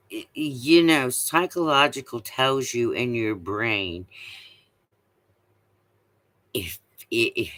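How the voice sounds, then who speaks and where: A man's voice: medium pitch, sharp tone. A man ranting in a casual monologue, blunt and profane, who keeps pressing the listener with rhetorical questions. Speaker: vlogger.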